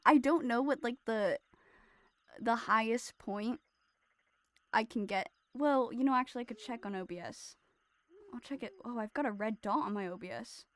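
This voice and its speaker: A woman's voice: fairly high pitch, normal speed, no room sound. A woman streaming a game, chatting casually in a giggly, self-deprecating, rambling way into her streaming mic. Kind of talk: casual livestream commentary.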